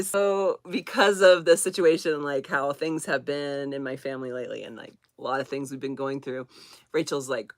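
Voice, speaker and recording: A woman's voice: low-pitched, fairly quick, a bit bright, dry recording. A woman in her thirties from Kansas, chatting on a live stream about dolls, rambling, laughing often and close to tears. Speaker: doll collector hosting a live chat. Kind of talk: casual live-stream chat.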